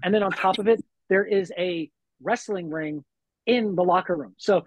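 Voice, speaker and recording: A man's voice: sits high, moderate pace, dry recording. A man, a wrestler guest on a podcast, telling stories in a laid-back way with lots of fillers. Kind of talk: casual podcast chat.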